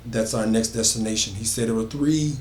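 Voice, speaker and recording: A man's voice: lowish voice, fairly quick, darkish tone, roomy sound, slight background noise, voice pushed down, close to an everyday voice. A man voicing a young man who speaks firmly, rallying his friends. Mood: resolute. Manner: firm, rallying. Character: young man, resolute leader of the survivors.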